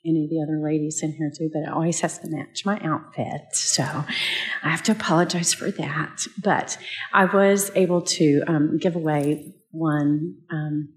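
A woman sharing a short personal testimony at church in an unhurried, hesitant way. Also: sits low, fairly even intonation. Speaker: church member giving testimony.

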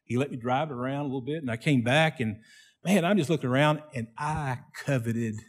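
A man's voice: mid-range voice, brisk. A man preaching a sermon, telling a folksy story before he asks the congregation questions.

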